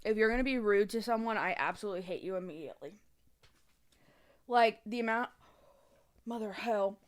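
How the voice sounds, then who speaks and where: A young woman, the host's sister, chatting casually on a podcast, dramatic and quick to swear as she rants. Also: mid-range voice. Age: young adult. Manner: dramatic, swears heavily, ranting.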